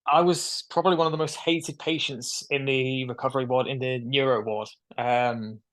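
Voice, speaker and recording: A man's voice: medium pitch, moderate pace. A young man, telling the story of his surgery as a guest on a video call, acting out the voices of the people in it. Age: young adult. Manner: animated storyteller who acts out quoted voices. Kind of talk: casual storytelling interview.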